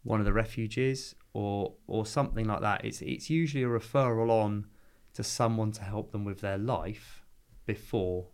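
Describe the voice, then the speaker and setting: A man's voice: on the low side, fairly even intonation, a little mellow, clear, resonant tone. A man, a divorce lawyer talking earnestly in a podcast conversation, often restarting his sentences. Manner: earnest, halting with frequent restarts.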